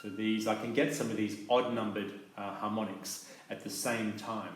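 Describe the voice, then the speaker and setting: Calm low-voiced man in an echoey room. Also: moderate pace, over loud music. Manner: calm, methodical explaining with soft fillers. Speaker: clarinet teacher. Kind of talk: instructional demonstration. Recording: very echoey room with faint noise.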